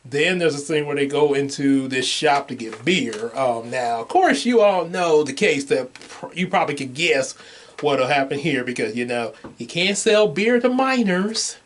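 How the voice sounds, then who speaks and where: A man's voice: fairly high pitch, lively intonation, unhurried, a little hiss or hum. A man co-hosting a casual movie review, rambling with many restarts and laughing at his own jokes.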